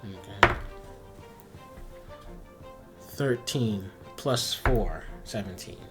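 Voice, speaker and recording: A man playing a tabletop game, laid-back and casual, swearing freely and thinking out loud with fillers. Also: lowish voice, drawn-out words, over loud music. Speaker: player.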